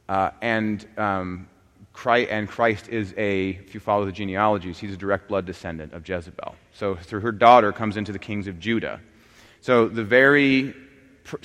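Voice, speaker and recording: Man teaching scripture in an echoing hall. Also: fairly low pitch. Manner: animated, many restarts and asides. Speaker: preacher. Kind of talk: Bible teaching. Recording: long hall reverb.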